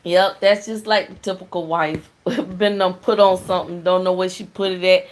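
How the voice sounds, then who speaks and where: A woman's voice: fairly low pitch, flat delivery, normal speed. A middle-aged woman hosting a casual call-in show, telling stories in a chatty way and laughing often. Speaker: talk show host.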